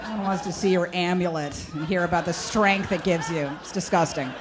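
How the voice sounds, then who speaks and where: A woman doing stand-up comedy with brash, deadpan storytelling on a club stage mic. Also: lowish voice, fairly quick, a loud crowd. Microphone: handheld stage mic. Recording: noisy live stage recording. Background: audience laughter.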